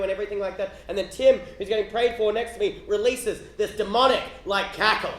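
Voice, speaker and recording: An Australian man telling an animated comic story live on stage, sometimes building to loud, laughing shouts. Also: high-pitched, fast talker, hardly any pauses. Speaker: comedian storyteller. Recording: roomy live venue echo.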